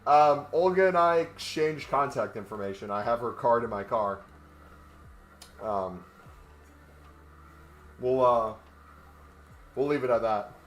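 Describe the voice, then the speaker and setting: A man's voice: medium pitch, slow, long pauses, a little hiss or hum. A man chatting casually on a gaming livestream, rambling and joking while he walks on a walking pad. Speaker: gaming streamer.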